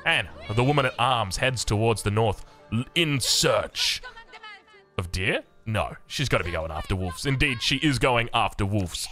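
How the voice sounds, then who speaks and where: An Australian man giving energetic, jokey play-by-play commentary on a strategy game match as its caster. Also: on the low side, unhurried, faint music behind.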